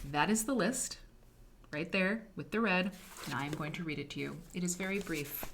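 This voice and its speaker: A woman hosting a casual livestream, talking about writing in an animated, emphatic way with chatty asides. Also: low voice, gravelly, slight background noise. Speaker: host.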